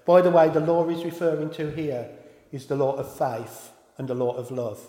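A man's voice: fairly high pitch, level tone, normal speed, dark tone. A man preaching a sermon in an informal way, often stopping to correct himself and apologise. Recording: echoey hall with long reverb.

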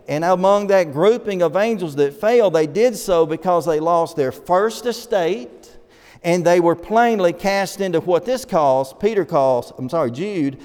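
A male preacher with a fairly high, smooth, resonant voice, delivering a fast-moving Bible lesson. His words carry into the long reverb of a church hall. He reads scripture aloud between stretches of explanation. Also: a little mellow. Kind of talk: sermon. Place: church auditorium.

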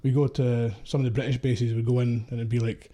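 A man's voice: medium pitch, flat delivery, brisk, crowd noise. A middle-aged man from Scotland with an East Coast Scottish accent, a former security contractor telling blunt, sweary war stories in casual chat. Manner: blunt, sweary storytelling with laughs.

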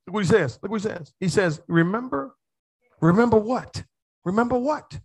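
A man with a high voice preaching a sermon to his congregation. He swings from quiet, quick asides with a chuckle to shouted, rising lines, calling for a response from the room. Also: animated, slightly rough. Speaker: pastor.

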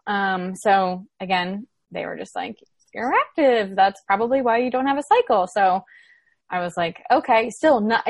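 A woman's voice: medium pitch, gravelly, dry recording. A young woman in her twenties, telling a personal story in casual chat with lots of "like" fillers. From Florida, USA. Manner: animated retelling with many "like" fillers. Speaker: podcast guest.

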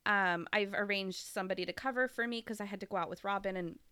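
A fast-talking woman in her thirties, medium in pitch with a sharp, clean tone, sounds stuffed up from a cold. She chats casually as a podcast co-host, rambling through long stories and laughing a lot.

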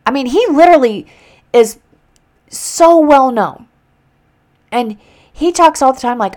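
A woman's voice: high-pitched, expressive, a little slow, pauses often, darkish tone. A woman hosting a podcast, giving earnest, faith-filled encouragement in a motivational talk. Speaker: podcast host.

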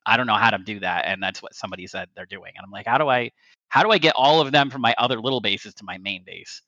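A man's voice: on the low side, fast, bright, forceful tone, dry recording. A man co-hosting a casual podcast, loose and chatty, swearing casually. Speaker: podcast co-host. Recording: dull lo-fi mic.

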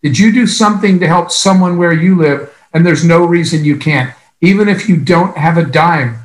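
Male motivational speaker, earnest and emphatic, higher voice, roomy reverb. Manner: earnest, emphatic storytelling with long pauses. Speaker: speaker at a business event. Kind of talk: motivational speech.

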